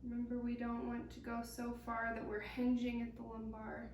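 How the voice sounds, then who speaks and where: A young woman leading a pilates workout, giving calm, encouraging step-by-step cues. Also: on the high side, moderate pace, a little hiss or hum. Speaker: pilates instructor. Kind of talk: guided workout instruction. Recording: echoey room, mic at a distance.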